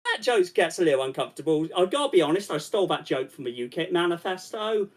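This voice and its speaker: A man's voice: fairly high pitch, very animated, quick pace. Rambling comedian man. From Britain. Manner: rambling storyteller, restarts often. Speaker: stand-up comedian, panelist. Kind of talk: casual panel chat.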